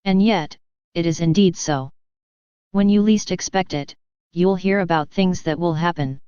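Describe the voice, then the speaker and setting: A woman voicing a gentle, consoling male divine speaker in a calm, tender, instructive way. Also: fairly low pitch, unhurried, clear, resonant tone, dry recording, muffled recording, natural voice.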